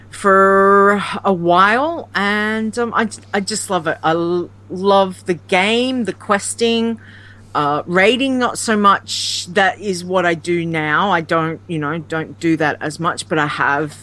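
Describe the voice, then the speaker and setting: Slow-talking woman chatting, giggly. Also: mid-range voice, sharp tone. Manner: giggly, rambling storyteller. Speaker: guest, podcast co-host. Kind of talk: casual chat about gaming.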